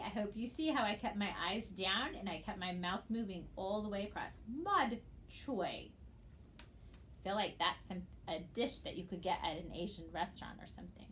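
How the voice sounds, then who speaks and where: A woman teaches a recorded phonics lesson in a mid-range voice. She talks slowly and patiently, spelling out letters one by one. A faint hiss sits under the recording. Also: medium pitch, a bit bright.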